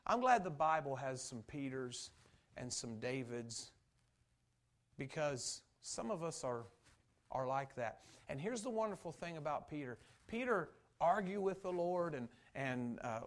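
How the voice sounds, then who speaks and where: A man preaching a sermon as pastor, passionately acting out biblical dialogue and swinging from loud to hushed. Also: on the high side, animated, measured pace.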